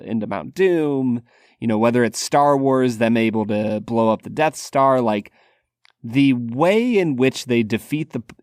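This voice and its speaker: A man co-hosting a podcast, telling stories in a relaxed casual way. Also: medium pitch, smooth, no room sound, clean studio sound. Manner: relaxed storyteller, many "like" fillers. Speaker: podcast co-host.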